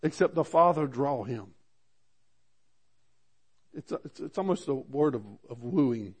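A man's voice: mid-range voice, animated, slow pace, darkish tone, breathy edge. A middle-aged man preaching a sermon, reading scripture aloud, asking the congregation questions, and often stammering and restarting.

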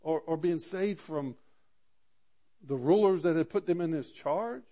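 A man preaching a sermon, reading scripture in a rising, loud voice and then dropping to quiet asides, with frequent repeated words and restarts. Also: fairly high pitch, measured pace. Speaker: pastor.

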